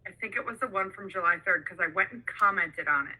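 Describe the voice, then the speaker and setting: A woman's voice: mid-range voice, fast talker, pushed and bright, breathy edge, rough recording. A woman on a casual call, chatty and reflective, rambling as she talks. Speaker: caller, group member. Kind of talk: casual chat.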